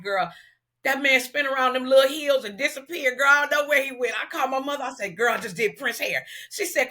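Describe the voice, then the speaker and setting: A middle-aged woman from Los Angeles, a hairstylist telling an animated, slangy story in an interview and acting out the dialogue. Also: on the high side, brisk. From South Central Los Angeles, US. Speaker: celebrity hairstylist, guest.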